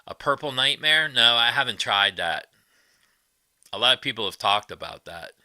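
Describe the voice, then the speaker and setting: Here a man speaks at medium pitch, animated and at a moderate pace, his tone bright and forceful with no room sound. As host of a casual livestream he chats with viewers, reads their comments, and states blunt, profane views.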